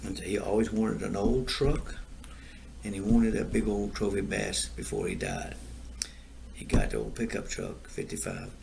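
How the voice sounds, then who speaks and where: An older man with a low, gravelly voice tells rambling stories, circling back over the same lines and chuckling at his own punchlines. He talks in a loose, easy chat recorded outdoors, with a faint hiss of noise underneath. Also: animated, unhurried. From Florida. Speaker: storyteller guest. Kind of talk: casual storytelling chat.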